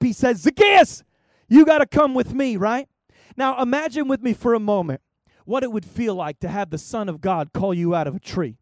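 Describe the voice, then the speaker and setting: A man preaching an open-air sermon at a fairground, impassioned and rising to shouts. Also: very high-pitched, dry recording. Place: outdoor fairground event.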